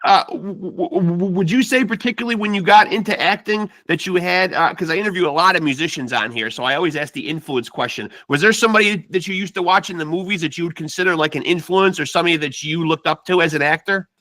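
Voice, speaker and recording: A man hosting a podcast interview, asking questions with a halting, hesitant delivery. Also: high voice, bright, forceful tone, no room sound. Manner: halting, full of uh fillers. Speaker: podcast host. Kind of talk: casual interview.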